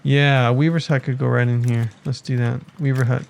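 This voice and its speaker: Speaking in a brisk, steady mid-range voice with a creaky, somewhat dark quality, this let's play gamer offers casual commentary on his city-building game. He muses aloud as he plays and talks to his villagers.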